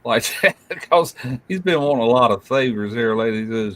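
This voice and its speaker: A man's voice: mid-range voice, expressive, a little fast, fairly bright tone, dry recording. Folksy older man telling a story. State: feeling unwell. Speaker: host. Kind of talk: casual live chat.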